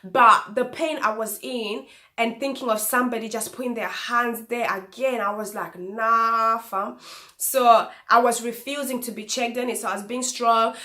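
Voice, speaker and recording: Brief: woman vlogger, slightly high voice, loose chatty storytelling with fillers. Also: normal speed. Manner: animated retelling, acts out quoted dialogue. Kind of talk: personal storytelling.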